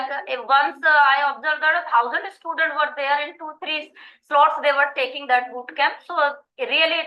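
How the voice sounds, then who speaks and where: A high-pitched middle-aged woman with an Indian accent speaks as a school principal at a conference. She talks earnestly but haltingly and often pauses on fillers. The sound is echoey and slightly muffled. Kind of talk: conference panel talk.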